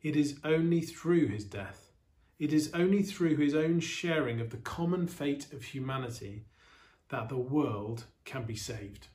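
A man preaching a sermon as pastor of an online church service, earnest and steady, with reflective pauses. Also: mid-range voice.

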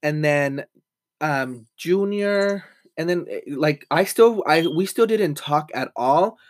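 A man's voice: on the high side, lively intonation, slow, no echo. Rambling young man, dry close sound. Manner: rambling, lots of "like", mixes in Spanish. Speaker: podcast host. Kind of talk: casual chat.

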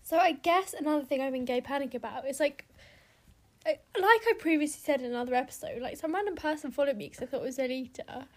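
Excitable high-voiced young woman. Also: quick pace. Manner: excitable storyteller, acts out voices. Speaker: podcast co-host. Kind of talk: casual chat.

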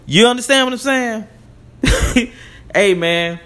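A man's voice: very high-pitched, slow pace, sharp tone. A man hosting his own commentary channel, talking loosely and conversationally. He laughs often and keeps saying "you know what I'm saying". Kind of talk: casual spoken commentary.

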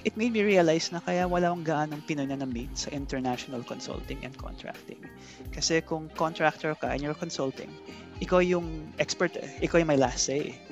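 Casting: Filipino man, slightly high voice, rapid and musing, faint music behind. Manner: fast, musing, thinks aloud with theories. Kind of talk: casual group chat mixing English and Tagalog.

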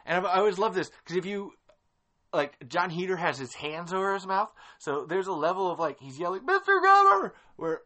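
A man's voice: sits high, a little fast, fairly bright tone. A man hosting a casual film commentary podcast, ranting with exasperation and swearing freely. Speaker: podcast host.

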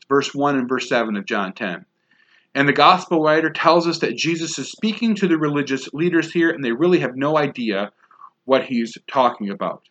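A pastor preaching a sermon, stressing key words by repeating them, with emphatic phrasing. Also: male voice, medium pitch, moderate pace, fairly bright tone. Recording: dull lo-fi sound.

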